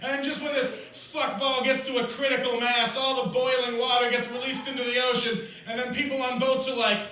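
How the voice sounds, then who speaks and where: A man with a high, bright voice performs stand-up on a festival stage, rambling through absurd bits with excitable energy. The sound is echoey and a little distant, caught in a live room. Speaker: stand-up comedian. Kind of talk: stand-up comedy set.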